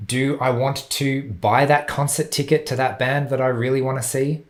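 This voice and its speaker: A man vlogging in a thoughtful, measured, self-reflective way, speaking to camera about his own experience. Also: mid-range voice, steady tone. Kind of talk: reflective personal talk to camera.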